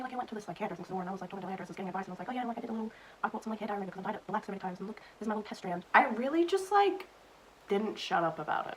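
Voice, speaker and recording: A woman's voice: mid-range voice, a little hiss or hum, rough recording. Chatty young woman telling work stories. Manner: chatty, self-deprecating storytelling with lots of "like". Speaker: beauty vlogger. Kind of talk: casual chat while doing makeup.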